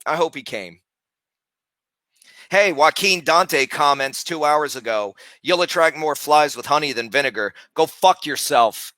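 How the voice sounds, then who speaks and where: Male streamer, high bright voice, brash and foul-mouthed, dry close mic. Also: expressive, moderate pace, few pauses, dry recording. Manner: loud, profane, berating. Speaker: live streamer. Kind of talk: casual live stream chat.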